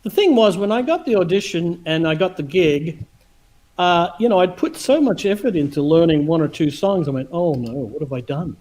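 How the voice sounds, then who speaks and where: A man's voice: sits high, normal speed. A man hosting a livestream over a video call, telling stories casually with lots of laughter and acted-out quotes. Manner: animated, laughing, acts out quotes. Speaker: host.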